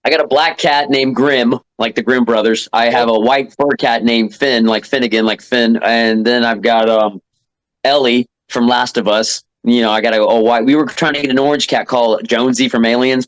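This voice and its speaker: A man's voice: medium pitch, steady tone, brisk. A man who hosts a horror show, a laid-back podcast guest chatting casually. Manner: laid-back, drops short agreeing replies. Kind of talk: casual chat.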